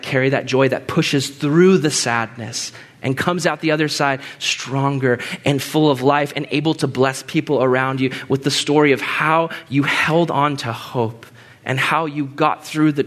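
A man preaching a sermon to a room full of people, rising to loud emphatic peaks and dropping to soft, low passages. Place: room with an audience.

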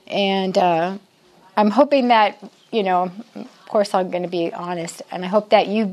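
A woman in her sixties speaks to a women's Bible study in a casual, homey church-talk manner. She sounds a little nervous and restarts her sentences, but stays chatty and self-deprecating, with frequent small laughs. Her voice sits at an ordinary middle pitch for a woman. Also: a little slow, a little mellow. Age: 60s.

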